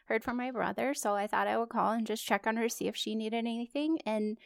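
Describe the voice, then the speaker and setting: A woman's voice: fairly high pitch, steady tone, a little fast, creaky, smooth, no room sound, studio quality. A middle-aged woman co-hosting a podcast, telling a personal story in an earnest, reflective way. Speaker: podcast co-host. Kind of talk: casual chat.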